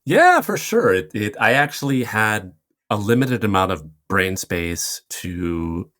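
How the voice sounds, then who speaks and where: A man's voice: low-pitched, fairly even intonation, bright, forceful tone, no echo, studio quality. A man appearing as a podcast guest who explains regulation at length in a casual, talkative way. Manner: explanatory, quick asides, laughs easily. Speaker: podcast guest, fintech commentator.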